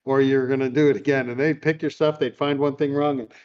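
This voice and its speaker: Man, podcast host, amused storyteller, mid pitch, muffled lo-fi audio. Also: level tone, a little fast, a little mellow, clear, resonant tone. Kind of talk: casual chat, retelling a film.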